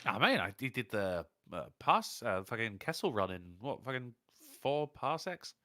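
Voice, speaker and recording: A man's voice: medium pitch, sing-song, moderate pace, bright, forceful tone, dry recording, clean studio sound. A man chatting on a live stream, telling stories in a profane, chatty way. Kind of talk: casual live-stream chat.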